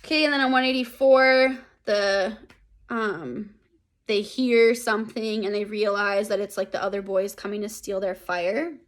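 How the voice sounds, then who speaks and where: A woman's voice: medium pitch, fairly even intonation, unhurried. A young woman teaching an English class in a recorded lesson. She talks casually, uses a lot of fillers and keeps checking in with "right?".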